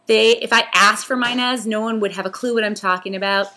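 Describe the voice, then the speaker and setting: A woman vlogger from upstate New York, with a Western New York accent touched by New Orleans, makes a casual accent tag video. Her medium-pitched voice is steady, brisk, and sharp as she rambles through a word list with many ums.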